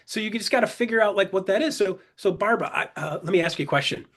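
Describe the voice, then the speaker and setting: Husky, upbeat man coaching online. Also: high voice, a bit bright. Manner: jokey and upbeat, peppers points with "right?" and "guys"; acts out buyer and seller dialogue in quick back-and-forth. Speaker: webinar presenter and business coach. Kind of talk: casual coaching talk to an online audience.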